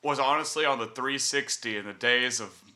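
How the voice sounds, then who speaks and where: A man's voice: mid-range voice, moderate pace, pushed and bright. A man from Alabama telling a story in casual podcast chat, with lots of fillers. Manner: laid-back, chatty storytelling with fillers.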